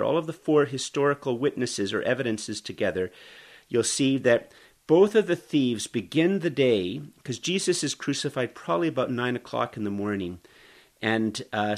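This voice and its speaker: A middle-aged man preaching a sermon, talking conversationally and explaining scripture as he reads it aloud. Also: medium pitch. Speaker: pastor. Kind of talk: expository sermon.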